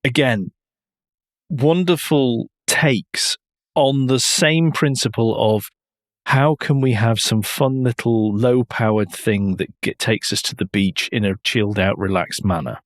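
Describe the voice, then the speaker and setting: A man's voice: mid-range voice, measured pace, no echo, clean studio sound. A man co-hosting a motoring podcast in casual chat, rambling and laughing often. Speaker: podcast co-host.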